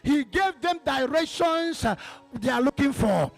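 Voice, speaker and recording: A man with a Nigerian accent preaching a sermon as pastor, calling out to the congregation and breaking into sudden shouts. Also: very high-pitched, animated, measured pace, gravelly, soft background music.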